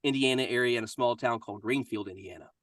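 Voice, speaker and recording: A man in his forties with a Kentucky accent tells stories in a friendly, upbeat way. His voice is bright and forceful, and it sits a little back from the microphone in a dry, dead-sounding space. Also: medium pitch, fast talker, no room sound, distant mic. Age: 40s. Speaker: guest voice actor. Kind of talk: casual interview chat.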